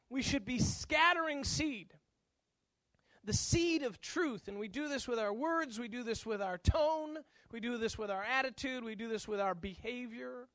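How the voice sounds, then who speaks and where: A male pastor preaches with a notably high voice, animated and conversational. He slips into different voices to act out everyday exchanges. The sound is close and dry, with no room around it. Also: dry recording. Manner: animated, acts out dialogue with varied voices. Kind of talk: sermon.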